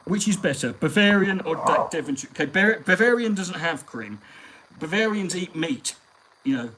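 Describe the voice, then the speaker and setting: Picture a man chatting casually to his live stream audience, his voice pitched slightly above the usual male range. He drifts through stories and sprinkles them with swearing. A faint background hum sits under his voice. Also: lively intonation, normal speed, fairly bright tone, rough recording. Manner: profane, rambling storyteller. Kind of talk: casual anecdotal chat.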